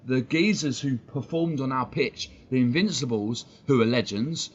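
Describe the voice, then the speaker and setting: Male stream host, heated sweary rant, mid-pitched, dull lo-fi mic. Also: normal speed. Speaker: fan channel host. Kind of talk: ranting live-stream commentary. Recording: dull lo-fi stream audio with faint noise.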